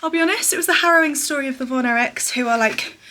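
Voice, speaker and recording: A young woman talks to her camera in a chatty, excitable vlog, a little out of breath. Her voice is bright and clear and sits a touch high. A faint hiss runs under it. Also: fast. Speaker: vlogger. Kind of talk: casual vlog chat.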